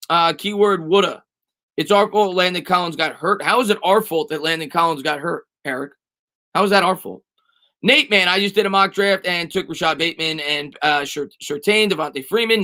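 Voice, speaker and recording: A man's voice: sits high, fairly quick, bright, forceful tone. A man hosting a live sports stream, chatting casually and answering viewers' comments. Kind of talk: live-stream chat reading.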